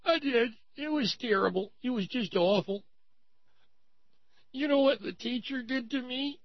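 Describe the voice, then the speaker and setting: A man putting on a weepy little girl of about nine, wailing in a squeaky, high voice. She tattles in a whiny, sing-song way. The sound is dry and slightly dull. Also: unhurried, no room sound, full character voice. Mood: whiny tattling.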